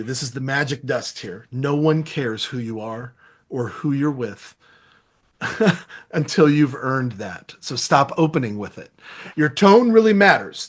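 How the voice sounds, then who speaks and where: A middle-aged man giving a sales masterclass, energetic and acting out sample phone calls as he teaches. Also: mid-range voice. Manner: energetic, acts out calls and quotes. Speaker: sales trainer. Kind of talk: masterclass talk.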